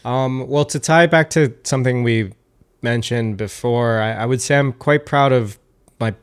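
A man's voice: mid-range voice, a little slow, smooth. A man as a podcast guest, chatting casually and thoughtfully, with many restarts and fillers.

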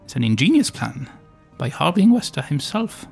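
A man's voice: fairly high pitch, very animated, moderate pace, vocal fry, soft background music. A man playing his character at a tabletop game, talking in a theatrical, pompous way. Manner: theatrical, pompous adventurer bluster. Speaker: player voicing his character Shrew. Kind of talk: in-character tabletop role-play.

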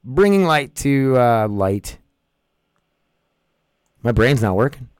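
A man's voice: medium pitch, very animated, slow, smooth, dry recording, studio quality. Goofy, profane man. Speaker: podcast host. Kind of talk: casual podcast monologue.

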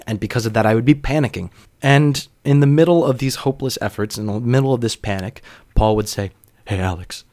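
A man's voice: medium pitch, quick pace, a little mellow, no room sound. A young man hosting a podcast, telling a personal story in a wry, self-deprecating way with casual profanity. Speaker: podcast host.

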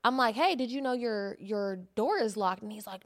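A woman co-hosting a podcast, telling a story in animated, casual chat and swearing often. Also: a little high, moderate pace. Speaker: podcast co-host.

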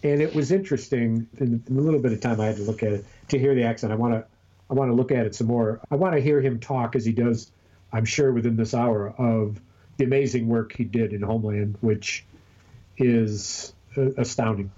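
A man's voice: mid-range voice, fairly even intonation, a little fast, warm tone, lo-fi sound. A man co-hosting a podcast in casual chat, thoughtful and given to half-singing lyrics he quotes. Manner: thoughtful, breaks into half-sung lyric recitals. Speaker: podcast co-host.

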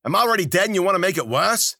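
A man voicing a badly wounded, profane soldier who taunts and yells. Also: fairly high pitch, huge pitch swings, normal speed, breathy edge, dry recording, studio quality, voice pushed up, full character voice. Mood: spiteful. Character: dying brutal male soldier, mocking and spiteful.

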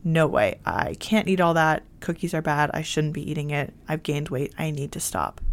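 A woman's voice: sits low, animated, normal speed, creaky. Woman doing a stern scolding inner-critic voice. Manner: stern, judgmental.

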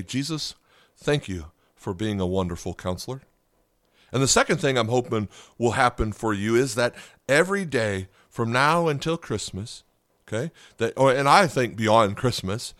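A man's voice: medium pitch, fairly bright tone, no room sound, clean studio sound. Man preaching a chatty podcast sermon. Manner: conversational, asks the listeners questions. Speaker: pastor.

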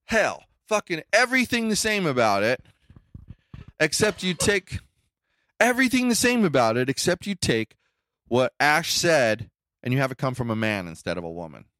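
Blunt middle-aged podcast co-host, lively pitch, dry close sound. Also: male voice, normal speed, no echo. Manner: blunt, emphatic, swings up in pitch when making a point. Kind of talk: casual chat.

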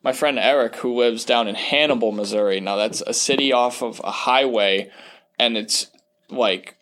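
A man's voice: medium pitch, moderate pace, a bit bright. Male co-host, loose storyteller, many restarts and fillers. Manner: rambling, full of "like" and restarts. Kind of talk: casual chat.

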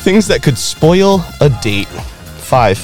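A man's voice: a little high, sing-song, darkish tone, soft background music, low-quality recording. A young man co-hosting a casual improv comedy podcast, goofy and laughing often. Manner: goofy, laughs often, slow drawn-out delivery. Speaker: podcast co-host.

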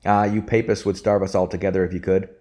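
A man doing a loud, bellowing middle-aged minister. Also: low voice, steady tone, fast, close to an everyday voice. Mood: hearty teasing.

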